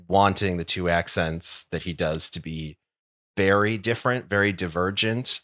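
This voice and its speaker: Man podcast co-host, very low voice, measured, dry studio sound. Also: a bit bright, dry recording. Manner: measured, hedging, laughs easily. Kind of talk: casual panel discussion.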